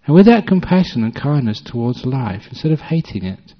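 A man's voice: mid-range voice, sing-song, fairly quick. Male meditation teacher, dharma talk, storytelling and wry; muffled, reverberant hall recording. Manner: conversational storyteller, gently humorous.

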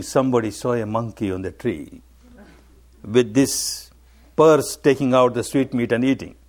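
Older man giving a slow, emphatic dharma talk. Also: medium pitch, a little mellow. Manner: slow, repetitive, emphatic delivery. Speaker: meditation teacher.

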